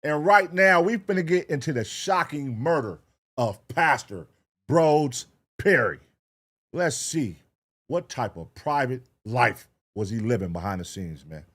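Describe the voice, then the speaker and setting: A man streaming live, reacting to clips and chatting loudly and profanely with his viewers. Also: mid-range voice, a little slow. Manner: loud, excitable, profane, animated. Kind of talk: casual livestream chat.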